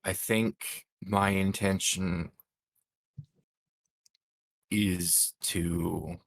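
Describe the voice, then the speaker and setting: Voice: low-pitched, flat delivery, drawn-out words, vocal fry, dry recording, studio quality. A player in a tabletop game, speaking hesitantly with many fillers.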